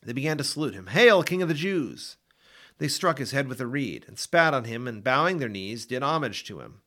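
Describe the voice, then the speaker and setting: A man reading scripture aloud for a daily Bible podcast, with an expressive, dramatic delivery. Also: medium pitch, fairly quick. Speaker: Bible reader.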